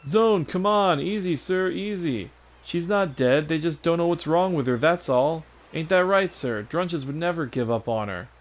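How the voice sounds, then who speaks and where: A man voicing an eager young male rebel lackey who ends his lines with "sir", in a high excited voice. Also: normal speed, lightly acted.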